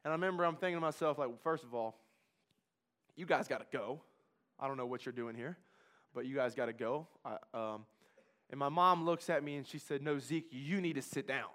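A man from Kentucky shares his recovery story as a personal testimony, speaking emphatically and repetitively and swinging from hushed to loud. His voice sits mid-range, the pace is a little fast, and he pauses often.

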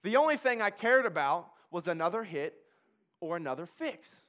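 A man from Kentucky telling his recovery story as a personal testimony, emphatic and repetitive, swinging from hushed to loud. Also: sits high, sing-song, normal speed. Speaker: speaker sharing a recovery testimony.

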